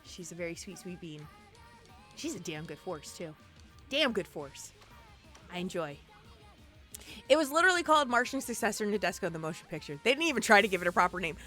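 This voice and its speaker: Woman game streamer, lively and bright, gasps and exclaims, soft game music under. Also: on the low side, a little fast, long pauses. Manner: animated, chatty, exclaims and gasps often. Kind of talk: casual gameplay commentary.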